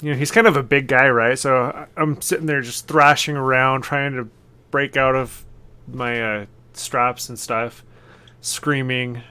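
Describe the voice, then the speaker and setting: A man's voice: medium pitch, steady tone, a little slow, pushed and bright, clean tone. A man playing a character in a tabletop game, chatty and a bit unsure about the rules. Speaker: player. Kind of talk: casual tabletop play.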